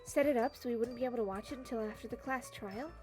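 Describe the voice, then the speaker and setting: A woman reading the lines of an earnest young female classmate in a visual novel, in a quick, matter-of-fact way. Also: a little high, a little mellow, faint music behind, voice pushed down, close to an everyday voice.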